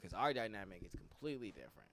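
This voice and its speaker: Lively, joking man chatting. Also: fairly low pitch, very fast, a crowd in the background. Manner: animated, joking, swears freely. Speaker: podcast co-host. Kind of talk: casual chat.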